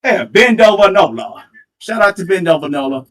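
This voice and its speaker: During a heated livestream rant, the host, a man on a headset mic, goads and confronts his listeners and hammers the same jabs again and again. He sounds high and sing-song, a bit bright, at a normal speed, with the mic seemingly distant.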